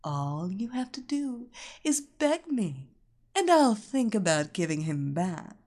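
A woman voicing a seductive, commanding woman in an audiobook, speaking slowly with a purring, domineering tone. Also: medium pitch, big pitch swings, darkish tone. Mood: sultry, commanding. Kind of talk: audiobook character voice.

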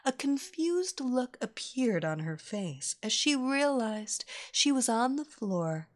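Woman narrator, slow-paced, lively pitch, soft storybook reading. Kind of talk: scripted narration.

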